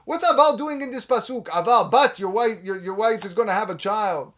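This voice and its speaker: Male rabbi, high voice, impassioned Torah sermon, acts out quotes. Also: a little fast, a bit bright. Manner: impassioned, rising to a high pitch for emphasis.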